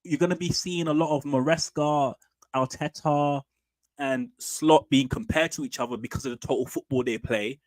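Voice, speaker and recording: A man streaming casual football commentary, animated and opinionated, with slangy repeated asides. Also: on the high side, normal speed, no room sound. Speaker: streamer and fan channel host.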